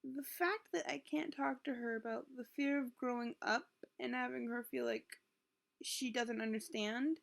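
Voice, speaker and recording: A vlogger in her late teens, with a high voice and a gravelly, fry-edged tone, speaks despite a sore throat. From indoors at home, she rambles emotionally into her computer's built-in webcam mic for a confessional vlog, repeatedly interrupting herself.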